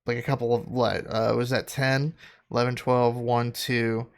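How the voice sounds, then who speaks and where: Gravelly guy joking through a game. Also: medium pitch, level tone, normal speed. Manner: joking, reacts aloud with laughter. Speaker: game streamer. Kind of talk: casual game playthrough commentary. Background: game music.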